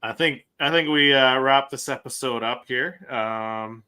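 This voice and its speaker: A man's voice: mid-range voice, a little slow, sharp tone, clear, resonant tone, dry recording. A man with a Canadian accent hosting a podcast in casual, easygoing chat, laughing often. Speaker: podcast host.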